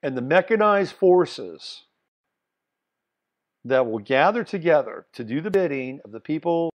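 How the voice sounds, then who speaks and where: Blunt, animated man talking politics. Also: mid-range voice, muffled recording. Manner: animated, blunt, swings between loud emphasis and muttered asides. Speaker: podcast host. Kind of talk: solo political commentary.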